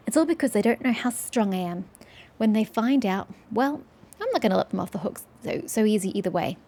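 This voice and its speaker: A woman's voice: medium pitch, lively intonation, a little fast, dark tone. A woman voicing a boastful, scrappy young gang boy in a game, cocky and bragging.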